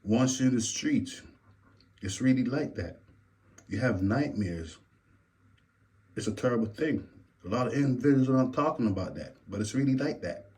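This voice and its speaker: A man's voice: mid-range voice, expressive, moderate pace, pauses often, a little mellow. A man hosting a reaction commentary, repeating phrases and lecturing about street life. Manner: repetitive, preachy, says "believe it or not". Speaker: commentary host.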